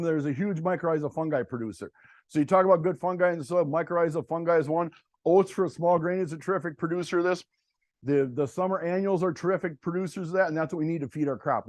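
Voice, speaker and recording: A man's voice: fairly high pitch, dry recording, studio quality. A middle-aged man, giving a plainspoken, folksy workshop talk to farmers about cover crops. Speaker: cover crop agronomist.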